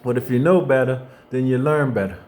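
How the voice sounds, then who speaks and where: A man's voice: mid-range voice, brisk, darkish tone. Fired-up preacherly man talking faith. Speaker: motivational faith speaker. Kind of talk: unscripted faith monologue.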